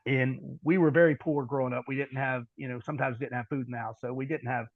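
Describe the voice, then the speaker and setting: A middle-aged man telling a long personal story on a podcast, halting and repeating words, then dropping into quiet asides. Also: medium pitch, fairly even intonation, dry recording, phone-quality sound. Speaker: podcast guest. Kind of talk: storytelling in conversation.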